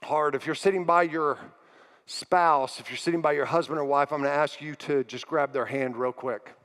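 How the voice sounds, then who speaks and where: A man's voice: a little high, steady tone, moderate pace, a bit bright. A man in his forties preaching a sermon as a pastor, earnest and building to emphatic repetition. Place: large church auditorium. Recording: music bed in a long-reverb hall.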